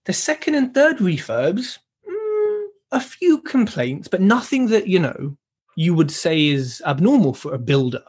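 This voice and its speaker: A man's voice: sits high, wildly swooping pitch, a little slow, darkish tone, husky. A man hosts a casual podcast chat and talks in a chatty, reflective way. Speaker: podcast host.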